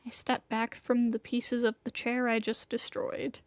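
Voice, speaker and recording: Woman doing a confused young guy narrating, high voice, slow, dry mic. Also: monotone, dry recording, close to an everyday voice. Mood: bewildered. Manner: bewildered, rambling inner monologue. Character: flustered young male student narrator.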